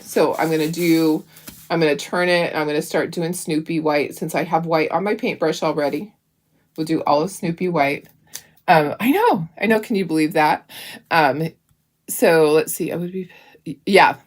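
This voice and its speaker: A middle-aged woman hosting a craft stream, chatting and telling stories while she paints. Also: on the low side. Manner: chatty, tells stories while painting and reads viewer comments aloud. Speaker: craft channel host.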